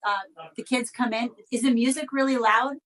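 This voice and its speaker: Woman host asking halting questions. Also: on the high side, steady tone, fairly bright tone, poor audio. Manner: halting questions, many fillers and restarts. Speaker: interview host. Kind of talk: casual interview talk.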